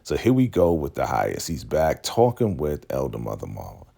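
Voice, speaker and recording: Deep gravelly man animatedly recapping a show. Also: normal speed, few pauses. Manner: animated, acts out the characters. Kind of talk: casual TV episode recap.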